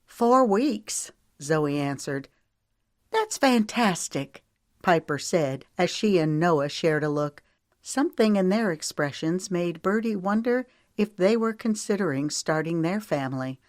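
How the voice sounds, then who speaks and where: A woman's voice: fairly low pitch, normal speed, a little mellow, no echo, studio quality. A woman narrating a romance audiobook and giving the characters' lines light shifts in voice. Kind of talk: scripted narration.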